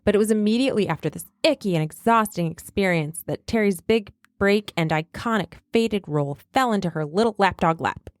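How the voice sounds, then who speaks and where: A woman hosting a podcast, retelling a story in an animated, jokey way. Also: mid-range voice, brisk, few pauses, dry recording, clean studio sound. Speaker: podcast host. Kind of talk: casual storytelling chat.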